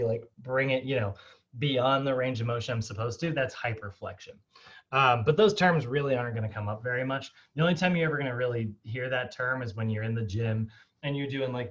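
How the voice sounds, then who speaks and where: A man's voice: mid-range voice, fairly bright tone. A man teaching a fitness class over a video call, casual and chatty, asking students questions and laughing often. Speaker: fitness instructor. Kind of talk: online class lecture. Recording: dull lo-fi video call audio.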